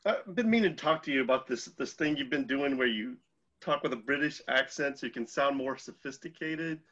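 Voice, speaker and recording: A man's voice: medium pitch, brisk, a bit bright. A man in an improvised comedy scene, speaking hesitantly and tactfully with lots of fillers. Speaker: improv performer. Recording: dull lo-fi recording.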